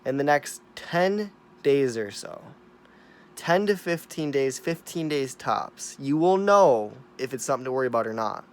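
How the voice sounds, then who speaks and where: A man at an ordinary middle pitch rants to his camera, swearing freely and repeating phrases for emphasis. He lurches between muttered asides and loud, insistent bursts. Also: expressive, a little slow, smooth. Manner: profane, emphatic, repetitive, swinging from mumbling to loud. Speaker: vlogger. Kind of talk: ranting monologue to camera.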